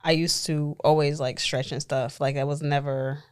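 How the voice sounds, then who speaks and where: Thirties woman, low voice, podcast co-host, rambling filler-heavy casual talk. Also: fairly even intonation, normal speed, smooth. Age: 30s. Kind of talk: casual chat.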